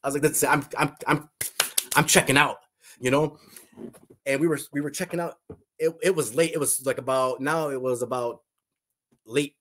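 Husky-voiced man telling an emotional testimony. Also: mid-range voice, fairly even intonation, a little fast, pauses often. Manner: earnest, repeats himself, frequent restarts. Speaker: guest sharing a testimony.

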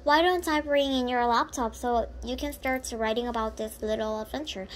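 A woman's voice: fairly high pitch, a little hiss or hum, close to an everyday voice. A woman voicing a bossy old grandfather mouse who fires off demanding questions in a storybook reading. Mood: pushy. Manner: pushy, rapid-fire questions.

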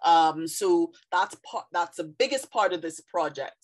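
A woman hosting her own YouTube channel, explaining a new project in a measured, thoughtful way with occasional fillers. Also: lowish voice. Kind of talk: casual explanatory vlog.

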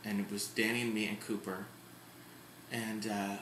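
A man's voice: lowish voice, little pitch movement, moderate pace, background noise. A middle-aged man talking candidly to his camera at home in a casual vlog. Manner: chatty and candid, with sudden loud outbursts. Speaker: vlogger. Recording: echoey room.

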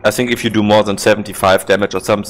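A man from Germany in casual gaming chat, teasing in a dry, deadpan way while he plays. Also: lowish voice, fast talker, background noise. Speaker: gameplay commentator. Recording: loud gunfire behind voice.

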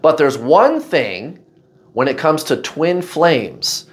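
Lively, blunt man reading tarot. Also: fairly high pitch, slow pace. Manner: blunt and chatty, swears, keeps saying "guys". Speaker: tarot reader. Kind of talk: casual tarot card reading.

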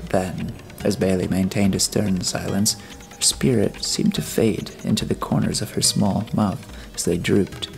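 Low gravelly male audiobook narrator. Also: little pitch movement, a little slow, faint music behind. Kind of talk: scripted narration.

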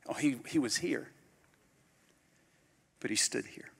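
A man, a pastor preaching a storytelling sermon that swings from loud bursts to hushed near-whispers. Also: medium pitch, lively intonation, takes it slowly, gravelly, breathy edge. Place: conference hall. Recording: live hall recording with long reverb.

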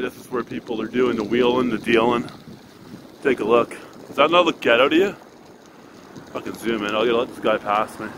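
With a medium-pitched, fairly bright voice, this slightly out-of-breath man from Canada swears and rants casually while cycling outdoors in winter traffic. He films the ride-along vlog on a handheld phone, and a faint hiss or hum is audible.

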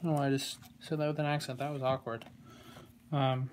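A man giving a casual how-to tutorial on a glove, relaxed and rambling, with plenty of fillers and small jokes. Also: mid-range voice, brisk, a little hiss or hum. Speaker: glove maker demonstrating lacing. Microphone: phone camera.

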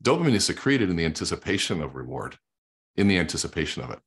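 Low, husky-voiced man coaching. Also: very animated, fast. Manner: storytelling with quoted dialogue, emphatic; teaching while drawing on a whiteboard. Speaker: guest speaker and sales coach. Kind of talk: energetic explanatory talk.

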